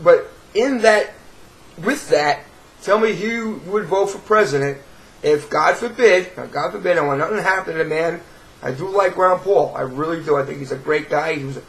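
A man's voice: fairly high pitch, poor audio. A man with a New York accent, ranting to camera in a profane, sarcastic, rambling way with many restarts. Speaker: video blogger.

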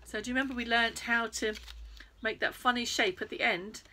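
A British woman presenting a crafting lesson for young children, animated and playful, speaking straight to the kids. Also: on the high side, a little fast, slight background noise. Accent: British English.

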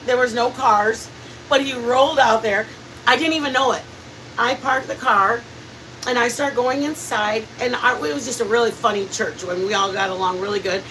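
A woman's voice: on the high side, moderate pace, recorded from a distance, a little hiss or hum, low-quality recording. A woman hosting a cooking stream, chatting and laughing as she tells family stories. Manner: chatty, laughing, animated storyteller. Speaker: cooking channel host. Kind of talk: casual storytelling while cooking on a live stream.

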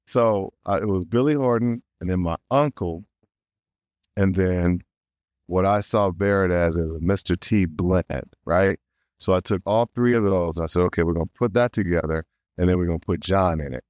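Animated man telling stories, dry sound. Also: low-pitched, moderate pace, dry recording. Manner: animated, laughs often, acts out quotes. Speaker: voice actor guest. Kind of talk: casual interview storytelling.

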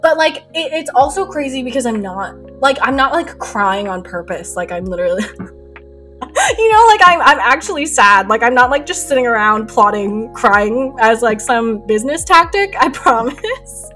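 Chatty young woman streaming her painting, bouncy lively voice, kinda high, soft lofi music under it. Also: normal speed. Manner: chatty, rambling, giggly, reads chat aloud. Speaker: art streamer. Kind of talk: casual live-stream chat while painting.

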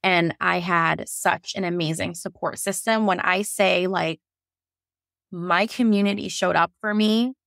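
A woman's voice: fairly low pitch, steady tone, measured pace, vocal fry, fairly bright tone, no room sound, studio quality. A woman guest frankly telling a painful personal story, emotional and laughing through hard moments. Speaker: guest sharing her birth story.

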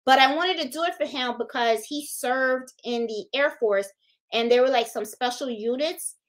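A woman's voice: on the high side, fairly bright tone. A woman from Puerto Rico hosting a casual crafting livestream, chatting, thinking aloud and greeting viewers by name. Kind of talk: casual live-stream chat.

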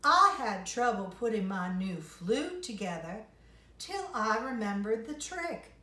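A woman's voice: fairly high pitch, very animated, a little slow, pushed and bright, full character voice. A woman voicing an eager male fox who plays the flute and sings. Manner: eager, sing-song. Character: cheerful male fox flautist. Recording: roomy, distant mic.

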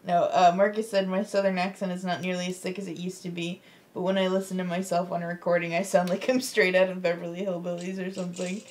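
A woman's voice: fairly low pitch, level tone, quick pace, a little mellow. A woman in her twenties co-hosting a casual livestream, reading viewer comments aloud and laughing often. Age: 20s. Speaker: co-host reading chat.

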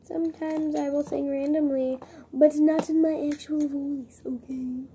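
A woman's voice: high voice, fairly even intonation, measured pace, dark tone. A young woman vlogging casually, chatty and giggly, rambling and poking fun at herself. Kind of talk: casual vlog chat.

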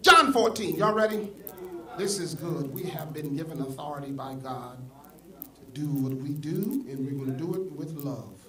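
A man's voice: mid-range voice, normal speed, recorded from a distance, a crowd in the background. Man preaching in an echoey church. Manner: animated preaching that swings between soft asides and loud exclamations. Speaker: pastor. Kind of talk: sermon. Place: church sanctuary. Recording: echoey church hall, mic from afar, congregation audible. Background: congregation.

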